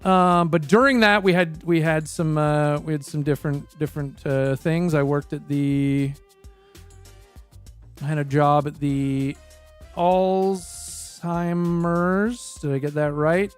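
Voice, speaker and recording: Canadian guy streaming, kinda high voice, rambly and sweary, bit of music playing behind. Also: steady tone, takes it slowly, clean tone. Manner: rambling, swears freely, self-correcting. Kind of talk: casual chat about his past jobs.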